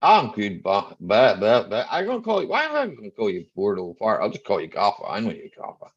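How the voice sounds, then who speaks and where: Middle-aged mechanic jokin around on a live chat, kinda low voice, muffled lo-fi sound. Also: male voice, huge pitch swings, fairly quick, slightly rough. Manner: rambling, joking, chatty with viewers by name. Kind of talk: casual livestream chat reading viewer comments. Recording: dull lo-fi stream audio.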